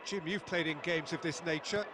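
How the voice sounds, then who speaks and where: A man's voice: a little high, fairly even intonation, a little fast, a bit bright, natural voice. A man playing an adult male football play-by-play commentator in a video game, calling the match and rising on chances. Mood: commentating. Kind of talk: scripted sports commentary. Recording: game audio with noise behind.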